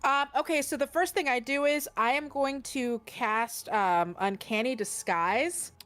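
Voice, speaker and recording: A woman's voice: sits high, measured pace, fairly bright tone, no echo, faint music behind. A woman playing a tabletop game, hesitant and giggly, with many ums. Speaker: player.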